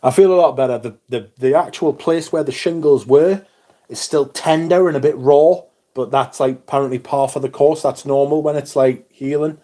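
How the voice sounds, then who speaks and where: A man's voice: fairly high pitch, normal speed, dark tone. A man hosting a livestream, chatting casually with viewers, greeting them by name and swearing freely. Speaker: livestream host.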